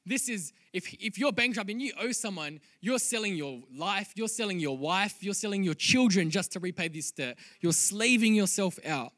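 Pastor, male, higher voice, earnest sermon delivery that swells to loud emphatic peaks. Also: lively intonation, moderate pace, hardly any pauses, dry recording.

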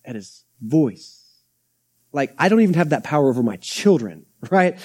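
A man's voice: fairly high pitch, sing-song, normal speed, darkish tone, breathy edge. A young adult man, a pastor preaching a conversational sermon with acted-out quotes and asides. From Texas. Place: church sanctuary.

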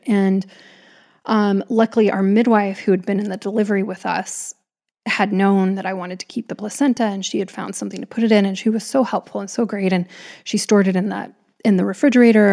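A woman in her thirties tells a personal story in a loose, chatty way, doubling back and adding asides as she goes. Her voice has a gravelly, fry-laden texture at a middling pitch. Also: darkish tone. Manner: chatty, frequent restarts and asides.

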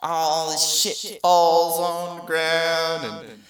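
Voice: level tone, extremely slow. A stand-up comedian telling freestyle stories in a rambling, profane, conversational way, often jumping into voices of other people. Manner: acts out quoted voices with big pitch jumps. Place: live stage before an audience. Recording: distant mic with clear crowd noise.

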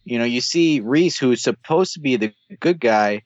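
A man's voice: medium pitch, animated, normal speed, no room sound, highs cut off. A man in casual conversation about a TV episode, rambling with fillers. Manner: rambling, many fillers and restarts.

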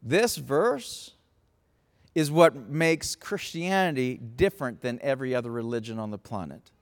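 A man preaching a sermon, passionate, moving from hushed tones to shouting. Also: mid-range voice, measured pace. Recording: long reverb in a large hall.

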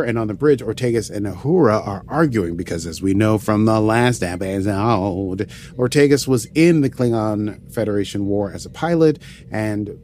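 A man's voice: fairly low pitch, dark tone, slight background noise. A man co-hosting a casual podcast and recapping an episode, joking around and slipping in and out of playful put-on voices. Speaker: podcast co-host.

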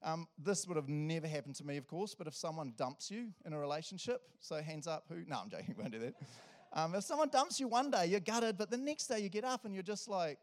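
A man's voice: on the high side, brisk. A man with a New Zealand accent, a pastor giving a casual, jokey sermon full of asides to the congregation. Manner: jokey, energetic, chatty with frequent asides to the congregation. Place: church service.

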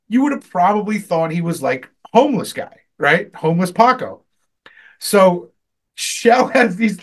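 Sex: man. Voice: slightly high. Role: podcast co-host. Style: casual storytelling chat. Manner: rambling, animated, self-correcting.

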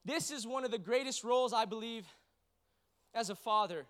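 At a church service, a pastor in his thirties preaches a sermon, telling earnest, emotional, rambling stories packed with fillers. His very high-pitched voice is smooth, fairly bright and animated, at a moderate pace.

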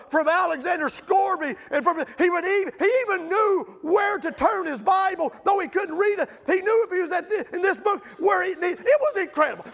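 A man delivers an impassioned sermon, moving between loud outbursts and quiet storytelling. His voice is very high-pitched and gravelly.

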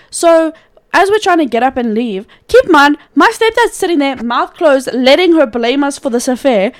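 A woman's voice: high-pitched, moderate pace. A woman co-hosting a podcast, telling a story casually with lots of swearing and frequent laughter. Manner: profane, animated, laughs often. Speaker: podcast co-host.

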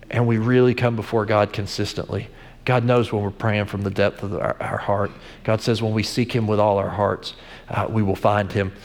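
Pastor preaching in a reverberant hall. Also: male voice, medium pitch. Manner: conversational storytelling with frequent restarts. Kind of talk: sermon.

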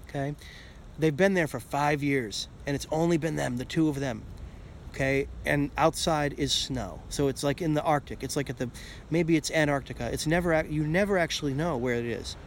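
A man talking on his own for a podcast, with a voice a little higher than most men's. He rambles loosely, often stops to ask "okay?", and swears now and then. A faint hiss of noise sits underneath. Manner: rambling, keeps asking "okay?", swears casually. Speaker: podcast host. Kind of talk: casual solo monologue.

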